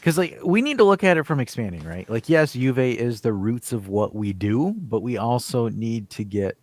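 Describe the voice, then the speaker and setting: A man co-hosting a podcast in casual chat, animated and joking as he jumps between topics. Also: mid-range voice, normal speed, no echo. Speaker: podcast co-host.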